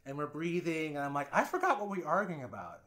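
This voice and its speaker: A man telling candid personal stories as a guest on a podcast interview. His delivery swings between loud, animated bursts and low, quiet passages, and he swears freely and acts out other people's lines. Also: fast talker.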